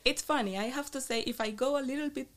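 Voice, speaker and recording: A woman in her thirties from Colombia, speaking English with a Colombian Spanish accent, telling stories in a lively, laughing way as an interview guest. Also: high voice, fast. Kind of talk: casual interview chat.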